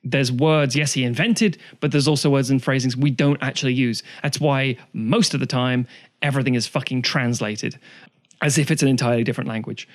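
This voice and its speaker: A man's voice: mid-range voice, fairly even intonation, fairly quick. A man, co-hosting a casual podcast chat, rambling through long digressions and swearing freely. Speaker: podcast co-host.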